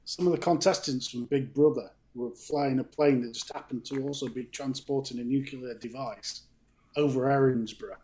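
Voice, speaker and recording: Speaking at normal speed, a man with a medium-pitched, darkish voice co-hosts a live stream in a home studio. He chats casually, calling out viewers one by one with affectionate nicknames amid plenty of laughter.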